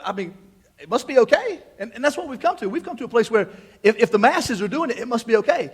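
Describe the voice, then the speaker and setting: A middle-aged man preaching a sermon in church as pastor, emphatic, repeating words as he builds, swinging between hushed asides and loud declarations. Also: very high voice, lively intonation, fast, husky. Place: church sanctuary.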